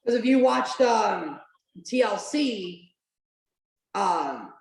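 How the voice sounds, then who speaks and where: With a mid-range voice and drawn-out words, this animated woman hosts a podcast, chatting casually through a watch-along. Expect lots of "like" and an occasional swear, plus a roomy echo.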